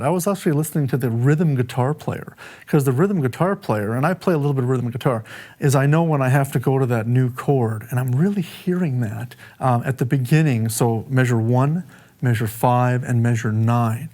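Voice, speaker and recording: A man giving a casual music lesson, explaining song form in a relaxed, conversational way and counting bars aloud. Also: mid-range voice. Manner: counts bars aloud over a playing track. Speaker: music teacher. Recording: music playing behind the voice.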